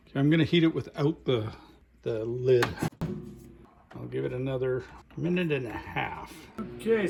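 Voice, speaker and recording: A man's voice: medium pitch, gravelly, noisy background. Blunt North American man reviewing food. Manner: blunt, openly disgusted commentary. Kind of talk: casual product review.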